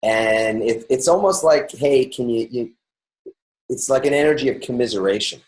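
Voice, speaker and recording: A man's voice: mid-range voice, moderate pace, a little mellow, poor audio. A middle-aged man from New York hosting a podcast, talking in an upbeat, rambling way with many restarts and fillers. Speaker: podcast host. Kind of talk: casual interview chat.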